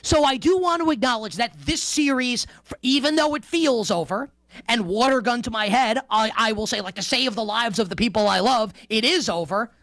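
A man's voice: extremely high pitch, normal speed, fairly bright tone, no room sound. A man hosting a sports betting radio show, talking emphatically with playful asides. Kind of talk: animated sports talk radio. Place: radio studio.

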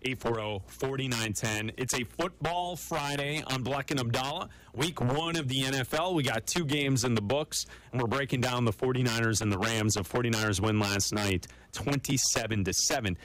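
A man co-hosting a national sports radio talk show, brisk and conversational, moving quickly through show promos and game breakdown. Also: medium pitch, fairly bright tone, poor audio.

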